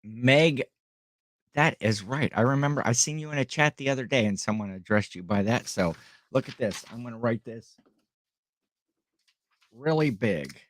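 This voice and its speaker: A man's voice: medium pitch, moderate pace, long pauses. A middle-aged man from Ohio hosting a casual live stream at home, rambling and greeting viewers by name.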